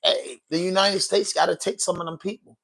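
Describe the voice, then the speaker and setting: High-voiced man riffing casually on stream. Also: steady tone, a little fast, vocal fry, fairly bright tone. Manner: loose, slangy, rambling and profane. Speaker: podcast host. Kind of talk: casual livestream commentary.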